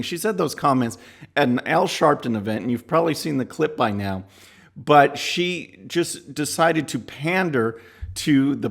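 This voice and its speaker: A man's voice: mid-range voice, vocal fry. A man hosting a political commentary show, talking casually with scornful asides. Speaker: podcast host.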